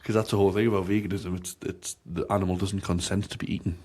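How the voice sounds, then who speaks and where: A man with a lowish voice, trading crude jokes and quick yeahs in a casual podcast chat. His tone is playful and teasing, and he throws out short agreements as his co-host talks. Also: little pitch movement, a little mellow, a little hiss or hum.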